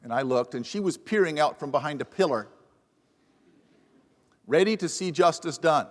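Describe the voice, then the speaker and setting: A male professor on a panel tells a story at his own expense, lively and wry, through a lapel mic. His voice sits a little higher than most men's. The sound carries a long echo from a large event hall. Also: normal speed. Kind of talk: humorous anecdotal talk at a panel event. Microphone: lapel microphone.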